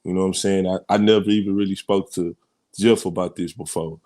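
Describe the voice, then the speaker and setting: Co-host, male, low voice, earnest and choked up, lots of restarts. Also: steady tone, brisk, dark tone. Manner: emotional, earnest, repeats "man" and restarts often. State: fighting back tears. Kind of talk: heartfelt closing remarks on a sports show.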